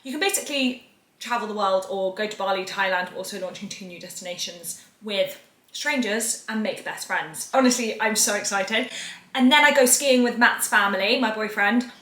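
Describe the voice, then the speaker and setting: A woman's voice: medium pitch, moderate pace, fairly bright tone. A young woman in her twenties, chatting casually and upbeat to camera in her home kitchen. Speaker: vlogger. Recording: echoey room. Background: dishes and cutlery clatter.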